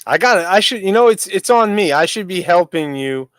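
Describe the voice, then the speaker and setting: A man's voice: sits high, animated, brisk, a bit bright, no room sound. A man co-hosting a casual live stream, chatting loosely and owning up to his own slips. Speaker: co-host.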